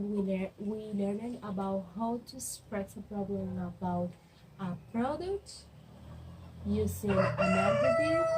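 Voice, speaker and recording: A young adult woman student reviewing what she learned in class, halting and searching for words, with frequent restarts. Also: mid-range voice, a little mellow, slight background noise, poor audio. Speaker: student presenter.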